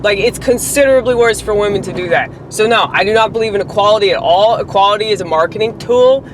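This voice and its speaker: A woman's voice: medium pitch, fast talker. A woman rants in a heated, profane rush, circling back on her points with frequent fillers. Faint traffic and vehicle hum sits behind her voice. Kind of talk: angry monologue rant.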